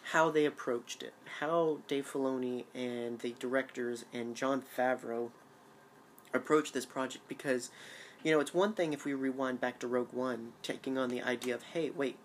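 A man's voice: medium pitch, a little hiss or hum. A man co-hosting a casual fan chat, eager and rambling with lots of restarts. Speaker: show co-host.

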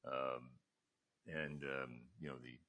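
An older man, a retired admiral, telling a story in conversation, acting out the people he quotes with sudden rises in pitch. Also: fairly even intonation, takes it slowly, bright, forceful tone.

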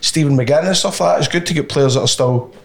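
A man's voice: fairly high pitch, quick pace, creaky. Chatty bantering podcast host man. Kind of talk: casual chat and read ad.

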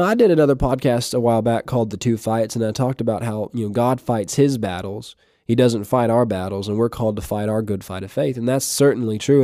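A man giving a short devotional podcast talk, halting with fillers and restarts, reading scripture aloud. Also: mid-range voice, warm tone, no echo, studio quality. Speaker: podcast preacher.

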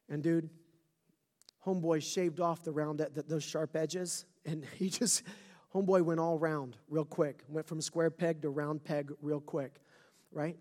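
A pastor delivers a sermon to a congregation at a church service. The talk is loose and slangy, sometimes sinking to almost a whisper and sometimes swelling with fervent intensity. The voice is plainly emotional throughout. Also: mid-range voice. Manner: casual slang, swings from hushed near-whisper to loud fervent emphasis.

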